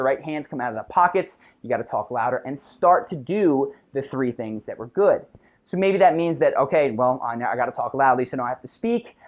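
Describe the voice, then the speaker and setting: Chill confidence coach walking you through an exercise, kinda tinny phone sound. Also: mid-range voice. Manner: casual and conversational, with frequent "like" and "right?". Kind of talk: guided self-improvement exercise.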